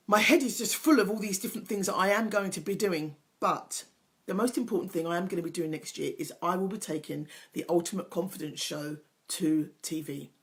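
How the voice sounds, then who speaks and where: A middle-aged woman hosting a motivational talk, earnest and emotional, pressing her points by repeating them. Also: lowish voice. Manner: earnest, emphatic, repeats key phrases; openly emotional, personal. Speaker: host, confidence coach.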